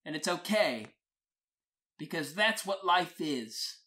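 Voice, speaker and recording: A storyteller in a slow, poetic spoken-word style, blunt and profane in their phrasing. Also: medium pitch, lively intonation, sharp tone.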